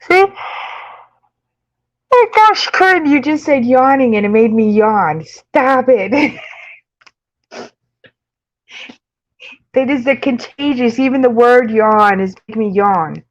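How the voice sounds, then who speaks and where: A woman's voice: a little high, animated, slow, pauses often, highs cut off. A woman with a New York accent chatting casually with live-stream viewers, rambling with lots of fillers and frequent laughs. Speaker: makeup channel host.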